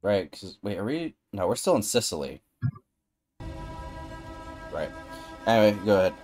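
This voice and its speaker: Male stream host, relaxed, wry commentary, lower pitch. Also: normal speed, faint music behind. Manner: laid-back, wry commentary. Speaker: livestream host. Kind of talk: casual gaming stream chat.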